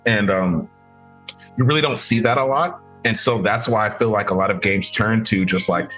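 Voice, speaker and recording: A low-voiced young man talks casually as a podcast guest, circling his points with frequent restarts and fillers. Faint music plays quietly under the talk. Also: normal speed. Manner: rambling, many restarts and fillers.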